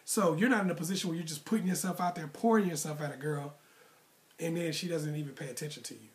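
A man's voice: on the high side, fast. A man coaching single men on dating in a casual, emphatic, repetitive advice monologue with slangy phrasing. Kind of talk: direct-to-camera advice monologue.

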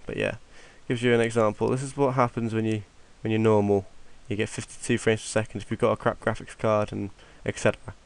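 A young tutorial maker with a cold rambles offhandedly through a screen-recorded game tutorial, muttering to himself. His lowish voice is gravelly and level, and he talks briskly with few pauses.

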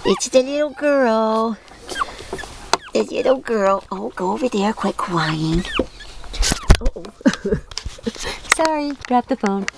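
A woman's voice: fairly high pitch, lively intonation, takes it slowly, creaky, long pauses, noisy background. A woman narrating a casual home video, filmed with a handheld camera, talking doting baby talk to puppies. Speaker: dog owner filming her litter.

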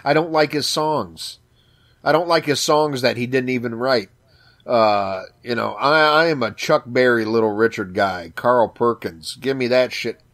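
A man with a Chicago accent talks over music on a casual podcast. His voice sits at a middling pitch, and he swears freely and repeats words as his excitement runs ahead of him. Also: a little slow. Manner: profane, enthusiastic, repeats words. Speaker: podcast co-host. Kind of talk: casual chat.

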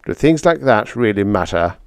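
Guy doing a low earnest jovian pilot, kinda hesitant, quiet. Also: big pitch swings, moderate pace, clear, resonant tone, no room sound.

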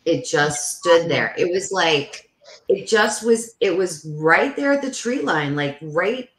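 A woman guest on a podcast, telling a story in a casual, animated way. She fills her talk with "like" and acts out the voices in the story. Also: fairly low pitch, slow. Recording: roomy echo.

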